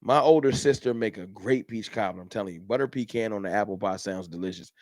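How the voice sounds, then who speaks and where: A man's voice: on the low side, fast, darkish tone, no room sound, clean studio sound. A man hosting a casual livestream, chatting in a laid-back way and reading out and answering viewer comments. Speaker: livestream host.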